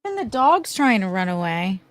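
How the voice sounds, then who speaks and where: A woman's voice: medium pitch, sing-song, fairly quick. A woman co-hosting a podcast in casual banter, playful and bawdy, often laughing. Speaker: podcast co-host.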